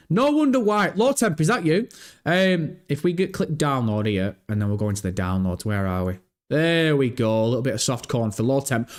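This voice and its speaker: A young man chatting on his gaming stream, loose and profane, his voice jumping up sharply whenever something surprises him. He sits at a desk mic with the bass turned up too high, so he sounds deep and muddy. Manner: excitable, swears freely, pitch leaps when surprised. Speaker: livestream host. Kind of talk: casual livestream chat. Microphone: bass-heavy desk microphone.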